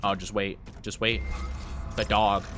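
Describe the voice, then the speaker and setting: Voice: low-pitched, little pitch movement, a little slow, fairly bright tone, slight background noise. A streamer casually commenting on gameplay, giggly and self-mocking, chatting with viewers.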